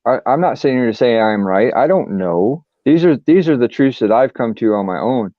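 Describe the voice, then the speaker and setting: A man's voice: medium pitch, lively intonation, fairly quick, no echo. A man on a video call, speaking humbly and reflectively and often repeating himself. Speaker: panel member. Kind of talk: casual group chat on a call. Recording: dull lo-fi call audio.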